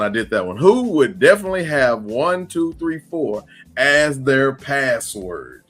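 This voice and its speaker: A man's voice: mid-range voice, a little slow, soft background music. A man hosting a casual livestream podcast, reading viewer comments aloud and laughing often. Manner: laughs often, lively and playful. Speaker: podcast host.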